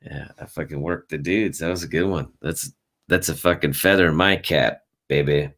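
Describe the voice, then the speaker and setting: A man's voice: a bass voice, moderate pace, a bit bright. A man co-hosting a casual fight talk show, rambling with many fillers and a lot of swearing. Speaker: podcast co-host. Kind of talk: casual chat.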